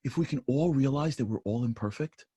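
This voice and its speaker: Husky-voiced earnest man on a panel. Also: mid-range voice, dark tone. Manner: earnest, confessional, speaks in quick bursts with repetitions. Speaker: panel speaker. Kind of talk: impassioned panel talk. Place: livestream studio panel.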